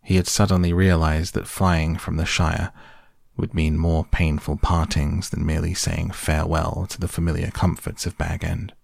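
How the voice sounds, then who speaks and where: A man narrating an audiobook in a steady, unhurried storytelling manner, close to the mic. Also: sits low, vocal fry, dry recording. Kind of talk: scripted narration.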